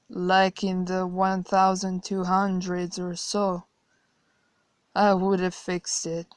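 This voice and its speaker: A woman's voice: lowish voice, darkish tone, clear, resonant tone, dry recording. Woman voicing a mocking old godlike man. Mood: flippant. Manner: teasing, laughing, flippant. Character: old white-haired male godlike being, mocking and cruel.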